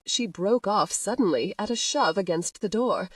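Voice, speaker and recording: A woman narrating a historical romance audiobook in steady storytelling. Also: mid-range voice, normal speed, hardly any pauses, no room sound.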